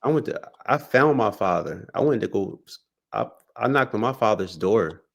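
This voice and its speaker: Male guest, deep low register, reflective storyteller who restarts often. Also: animated, moderate pace, gravelly. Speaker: podcast guest. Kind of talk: casual conversation.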